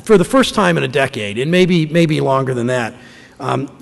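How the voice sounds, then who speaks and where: A man in his fifties from Ohio gives a speech in a large conference room. His voice is very gravelly, and a long hall reverb trails his words. He tells stories in a folksy way with halting restarts. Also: mid-range voice, animated. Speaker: senator.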